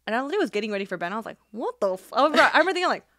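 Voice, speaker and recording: A woman's voice: rapid-fire, dry recording, studio quality. A woman co-hosting a podcast, chatting casually and acting out quoted lines as she tells a story. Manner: animated storytelling, acts out quotes with shifting pitch. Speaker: podcast co-host. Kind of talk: casual chat.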